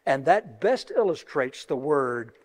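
A middle-aged man preaching a sermon, moving between hushed, slow words and loud, emphatic passages. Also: medium pitch, very animated. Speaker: pastor. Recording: long reverb of a large hall.

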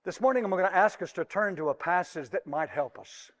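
A man preaching a sermon in a church, speaking slowly and emphatically and drawing out key words. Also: high-pitched. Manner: slow, emphatic delivery with drawn-out words. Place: church sanctuary. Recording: long hall reverb.

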